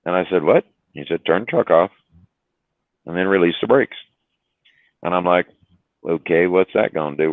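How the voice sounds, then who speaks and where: A man with a very low voice tells a rambling trucking story in a casual way, full of fillers and mild swearing. The sound is thin and phone-like. There is no room echo on it. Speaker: truck driver telling a story on a live stream.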